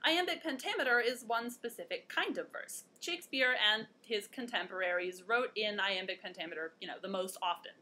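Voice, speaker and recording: A woman's voice: medium pitch, bright, forceful tone. A young woman hosting a one-take video lesson, chatty and playful, joking at her own puns. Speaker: host.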